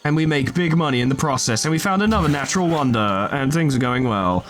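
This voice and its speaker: A man's voice: mid-range voice, expressive, fast, over music. Male let's player, casual wisecracking commentary, mid-range voice. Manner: joking, sweary, talks to the game units. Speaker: gaming video host.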